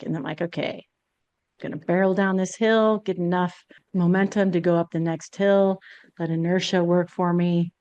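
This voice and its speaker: A woman's voice: on the low side, no echo. A woman podcast host telling a personal story in a candid, confessional way.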